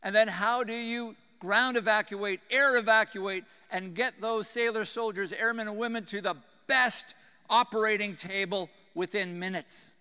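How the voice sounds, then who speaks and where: A man's voice: high voice, fairly even intonation, moderate pace, clear, resonant tone. Earnest man speaking in a reverberant hall. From Canada. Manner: earnest, storytelling, drops to a hushed tone for losses. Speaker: retired general giving a conference talk. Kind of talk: speech to a conference audience. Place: conference hall. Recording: hall reverb from a conference room.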